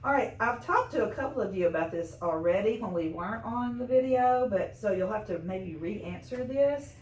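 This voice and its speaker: Chatty woman interviewing students, lively pitch. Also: normal speed. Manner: chatty, laughing, warm encouraging questions. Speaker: interviewer, school staff host. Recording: echoey room, mic from a distance, faint noise.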